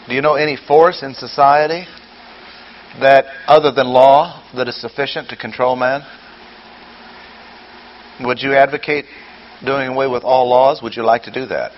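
A man's voice: medium pitch, a little hiss or hum. A man preaching a sermon, asking rhetorical questions and repeating his points for emphasis. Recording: dull lo-fi recording with faint ambience.

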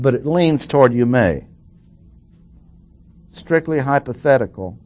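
A man gives a verse-by-verse Bible lesson at a very unhurried pace. He explains carefully and deliberately, repeating key phrases for emphasis. His voice sits at an ordinary middle pitch. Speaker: Bible teacher.

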